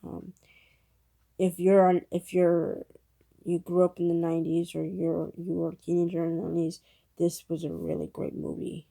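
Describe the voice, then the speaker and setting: A woman's voice: fairly low pitch, monotone, moderate pace, vocal fry, dark tone. A woman giving a casual, rambling spoken movie review, retelling the plot with lots of fillers.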